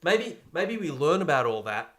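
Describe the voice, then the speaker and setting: A young man co-hosting a comedy podcast, casually pitching a crude, joking movie plot. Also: sing-song, moderate pace, a bit bright. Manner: laid-back storyteller, crude jokes. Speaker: podcast co-host.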